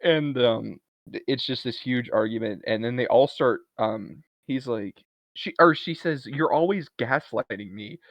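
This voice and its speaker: A man of middle pitch talks casually as a podcast co-host, recapping a movie with lively energy. His voice is dry and a little dull, as if from a modest podcast mic. He retells scenes with easygoing enthusiasm. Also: a little slow, gravelly, no room sound. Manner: animated retelling, briefly acting out lines from a film.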